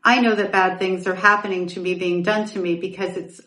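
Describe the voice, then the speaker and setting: A woman's voice: medium pitch, little pitch movement, a little fast, fairly bright tone, far from the mic. Candid woman telling her story, echoey. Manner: candid, reflective, with self-corrections and asides. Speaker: podcast host. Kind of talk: personal storytelling monologue.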